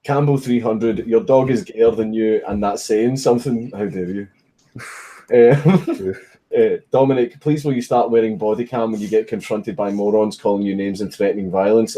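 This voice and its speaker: Laughing his way through stories and swearing often, a Scottish man does a casual livestream chat from home at his computer, a puppy nearby. His voice is lowish with a darkish tone, picked up by a desk microphone.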